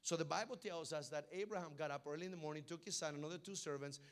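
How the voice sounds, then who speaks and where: Man, pastor, high-pitched, preaching in a lively storytelling way. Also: quick pace. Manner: storytelling, building to loud emphatic preaching. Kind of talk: sermon.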